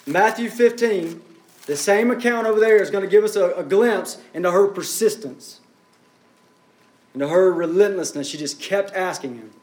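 High-voiced preaching man, echoey room. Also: moderate pace. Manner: preaching with rising and falling intensity. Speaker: pastor. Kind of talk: sermon.

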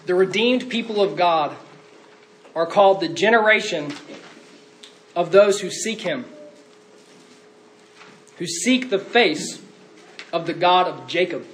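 A man's voice: high-pitched, animated, slow pace, long pauses, a bit bright, a little hiss or hum. A man preaching a sermon in an earnest way, rising to fervent cries when quoting.

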